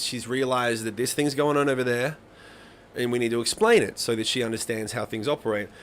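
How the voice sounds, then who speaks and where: A man in his thirties with a mid-range voice chats casually to viewers on his live songwriting stream. He swears freely and tells rambling stories, and there's a slight hiss or hum in the background.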